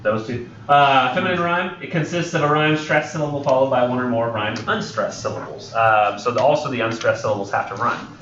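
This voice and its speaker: A man's voice: medium pitch, brisk, hardly any pauses, fairly bright tone, a little hiss or hum. A young man with a drawl lectures a college class, wandering off on tangents and correcting himself as he goes. His mid-range voice carries across a roomy classroom, picked up from a distance. The recording sounds dull and lo-fi. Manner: rambling, joking, many ums and self-corrections. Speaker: college English instructor.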